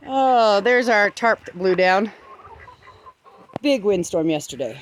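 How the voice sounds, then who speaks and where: A woman's voice: mid-range voice, animated, slow, long pauses, a little hiss or hum. A woman filming her poultry outdoors, chatting in a sing-song way and cooing at her birds. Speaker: backyard poultry keeper filming her flock. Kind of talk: casual vlog, talking to her animals. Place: outdoor farmyard with pens in the rain.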